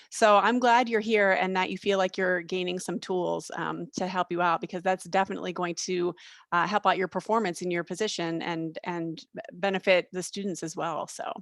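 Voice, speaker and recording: A woman's voice: lowish voice, fairly bright tone, no room sound, clean studio sound. A woman hosting a webinar, chatting casually with fillers and restarts over a video call. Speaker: webinar host.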